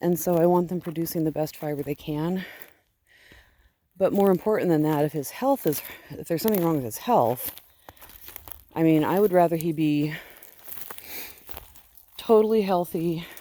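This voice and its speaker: A woman's voice: sits low, moderate pace, long pauses, warm tone. A woman who raises sheep, chatting casually and affectionately as she walks outdoors on her farm, rambling a little with fillers. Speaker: fiber farm owner raising sheep. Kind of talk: casual vlog chat while walking.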